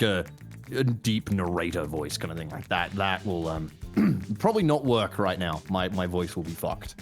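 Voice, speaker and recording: A young man with a sore throat rambles through a casual interview while sipping a drink. He swears freely and laughs often, and his pitch rises and falls a lot. Faint music plays behind him. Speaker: streamer and guest.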